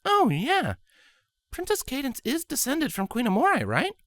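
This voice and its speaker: A man voicing an excited young mare who squeals and gushes in a high voice. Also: moderate pace, dry recording, exaggerated voice. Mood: curious.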